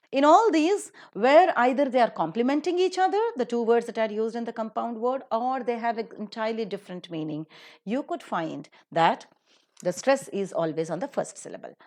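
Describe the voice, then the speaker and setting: Animated woman teaching word stress. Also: a little high. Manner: slow, deliberate modelling of example words. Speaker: English pronunciation teacher. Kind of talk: recorded lecture on word stress.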